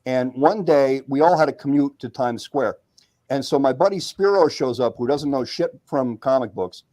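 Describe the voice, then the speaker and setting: A man telling a casual anecdote in an animated storytelling manner. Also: medium pitch, moderate pace.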